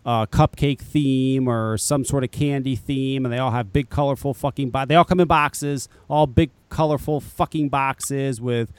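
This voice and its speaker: A man's voice: medium pitch, steady tone, normal speed, few pauses, smooth, no echo. A man on a podcast chatting casually and ranting in an exasperated, profane way. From Connecticut, US. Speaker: podcast co-host, vape shop owner.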